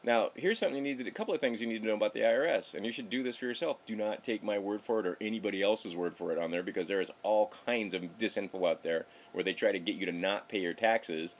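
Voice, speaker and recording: A man's voice: lowish voice, quick pace, hardly any pauses. Rambling, sarcastic middle-aged male vlogger. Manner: rambling, sarcastic, self-interrupting. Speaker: political vlogger. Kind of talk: casual political commentary.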